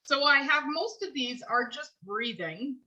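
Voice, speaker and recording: Bright-voiced chatty woman vocal teacher. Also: high voice, expressive, unhurried, lo-fi sound. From Canada. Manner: chatty, laughs between thoughts, long run-on phrases. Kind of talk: online class lecture.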